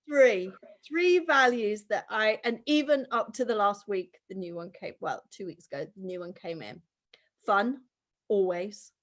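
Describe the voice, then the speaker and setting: A woman chatting as a guest, animated and acting out the voices of people she quotes. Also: mid-range voice, measured pace. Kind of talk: casual conversation.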